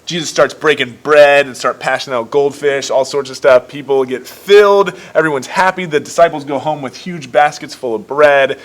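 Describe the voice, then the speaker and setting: A young man hosting a casual livestream Bible study, retelling the stories in an excitable, jokey way with quick voiced asides. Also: a little high. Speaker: youth ministry host.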